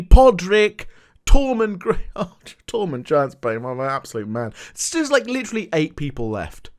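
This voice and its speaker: A TV show reviewer giving a ranting recap, exasperated, sarcastic and full of swearing, switching between loud outbursts and mutters. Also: mid-range voice.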